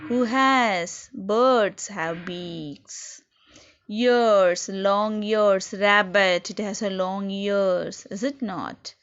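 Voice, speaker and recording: A woman's voice: mid-range voice, fairly bright tone. A woman teacher giving a recorded class lesson to young children. She asks them questions and then answers them herself. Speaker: schoolteacher. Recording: dull lo-fi recording.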